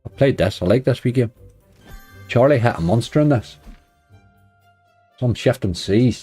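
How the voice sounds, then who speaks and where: A man's voice: mid-range voice, expressive, measured pace, pauses often, dark tone, breathy edge, soft background music. A man hosting a late-night slots live stream, chatting casually, greeting viewers and laughing often. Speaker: slot streamer.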